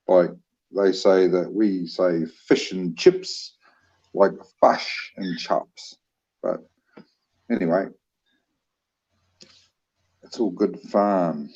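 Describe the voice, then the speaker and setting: A New Zealand man with a low, mellow voice chats at an unhurried pace on a livestream, easygoing and joking as he answers comments. The sound is dull and lo-fi. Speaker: livestream co-host reading chat. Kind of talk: casual livestream chat.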